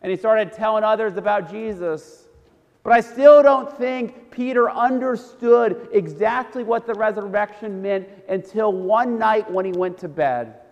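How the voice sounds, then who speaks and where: Pastor, male, high voice, casual storytelling sermon, echoing church. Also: unhurried, lo-fi sound. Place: church sanctuary. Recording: church hall reverb.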